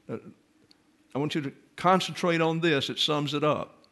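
A man delivering a Bible lesson in a methodical teaching voice. He reads passages aloud and works through them point by point. His voice is gravelly, with a fry to it and a slightly raised pitch. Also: fairly even intonation, normal speed, pushed and bright. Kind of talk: sermon-style Bible lesson.

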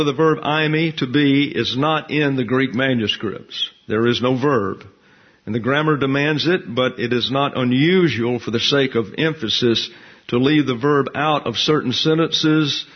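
Man teaching bible verse by verse, slow and deliberate, kinda muffled lo-fi audio. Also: medium pitch. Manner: measured, deliberate, slows to read scripture aloud. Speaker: pastor. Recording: dull lo-fi recording.

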